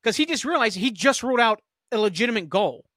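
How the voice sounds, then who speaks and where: Angry high-voiced man ranting profanely. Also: very animated, fairly bright tone, dry recording, studio quality. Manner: profane, heated, fast-talking rant. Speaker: sports talk podcast host.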